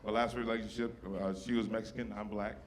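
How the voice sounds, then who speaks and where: A stand-up comedian with a low-ish voice and little pitch movement talks fast during a live show, over slight background noise and loud laughter. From the stage, he needles the audience with brash, profane crowd work.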